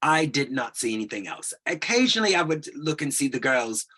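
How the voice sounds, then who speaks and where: A middle-aged man with a husky, bright voice tells a personal story in an interview. He talks hesitantly, with frequent restarts and fillers. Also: medium pitch, sing-song, brisk. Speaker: interview guest.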